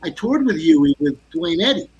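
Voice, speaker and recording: Older man, high-pitched animated storyteller. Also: moderate pace, gravelly, lo-fi sound. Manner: animated anecdotes full of quoted voices. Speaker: guest guitarist. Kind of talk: casual interview storytelling.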